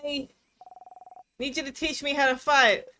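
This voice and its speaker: A woman voicing an eager young child who wants to learn to fight, talking earnestly in short, excited bursts. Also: high-pitched, unhurried, soft background music, pitched above the performer's own voice. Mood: pleading.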